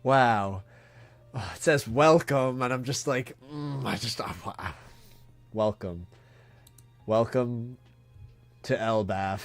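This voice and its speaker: A man live-reacting on a stream, speaking slowly and earnestly. He is awestruck and emotional, and his sentences stall and restart as he searches for words. Soft music plays faintly behind him. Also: medium pitch. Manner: awestruck and halting, with many trailing restarts. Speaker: streamer reacting to a comic chapter.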